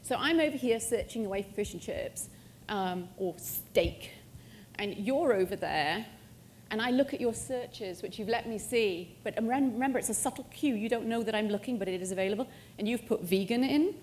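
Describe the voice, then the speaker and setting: A middle-aged woman presenting a live software demo at a conference, joking and self-mocking as she goes. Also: a little high, expressive, normal speed, a little hiss or hum. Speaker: conference speaker. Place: conference hall stage.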